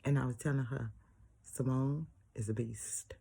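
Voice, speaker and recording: Husky older woman half-whispering. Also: a bass voice, fairly even intonation, unhurried, warm tone. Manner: often drops to a breathy near-whisper; preachy, repeats phrases for emphasis. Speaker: vlogger. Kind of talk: casual personal monologue.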